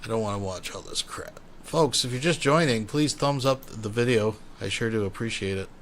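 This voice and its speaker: A man's voice: lowish voice, normal speed, fairly bright tone, a little hiss or hum. A man hosting a commentary show, talking offhand to his viewers while he pulls up clips. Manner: offhand, mutters while browsing. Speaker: commentary channel host. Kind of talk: casual reaction commentary.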